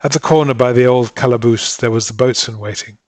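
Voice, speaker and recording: A man narrating a story as an audiobook reader in a steady, measured way. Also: mid-range voice, no echo. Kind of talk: scripted narration.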